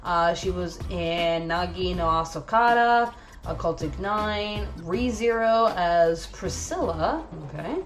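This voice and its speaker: A woman's voice: lowish voice, takes it slowly, soft background music. A woman hosting a casual anime review video, chatty and enthusiastic with lots of fillers.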